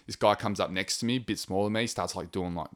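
A man's voice: sits low, fast, fairly bright tone. A man co-hosting a podcast, telling stories in a casual, rambling way with lots of swearing. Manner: rambling, swears freely, acts out quotes. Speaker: podcast co-host. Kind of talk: casual storytelling chat.

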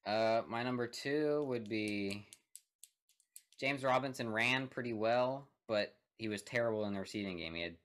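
A man's voice: lowish voice, normal speed, fairly bright tone. A young man co-hosting a sports podcast in casual chat, running the segments and laughing along. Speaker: podcast co-host.

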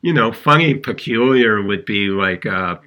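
Man, podcast co-host, casual chat, animated storyteller, lowish pitch. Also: unhurried, lo-fi sound. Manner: animated storyteller, chuckles while recounting funny stories.

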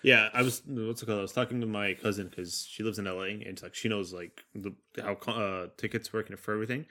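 A young man co-hosting a podcast in relaxed casual chat, laughing often and calling his friend "bro". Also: fairly low pitch, fast talker. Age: young adult. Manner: laid-back, laughs often, says "bro". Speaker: podcast co-host.

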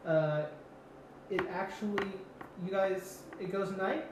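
A man's voice: sits high, fairly even intonation, takes it slowly. A young man narrating as game master for a tabletop game, playful and often laughing. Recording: echoey room with faint noise.

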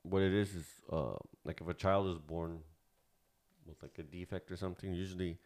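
A man's voice: low voice, steady tone, normal speed, a little mellow. A man in his thirties co-hosting a casual podcast, rambling and swearing freely, with lots of fillers. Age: 30s. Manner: loose, profane and rambling, with many fillers. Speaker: podcast co-host.

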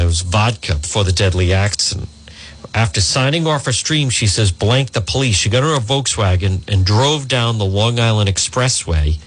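Male talk radio host, middle-aged, slightly low husky voice, indignant commentary. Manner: indignant, reads news aloud with asides.

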